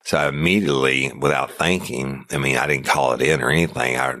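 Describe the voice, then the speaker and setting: A man's voice: extremely low pitch, fairly even intonation, brisk, bright, forceful tone, no room sound. A middle-aged man, a former deputy, bluntly and profanely telling a first-person story about a police call. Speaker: podcast host, former sheriff's deputy.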